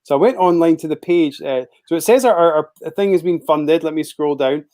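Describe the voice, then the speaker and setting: A laid-back man banters with his co-host on a podcast call. His voice sits a little higher than most men's, and he talks in an easy, joking way. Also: fairly quick, mellow. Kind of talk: casual chat.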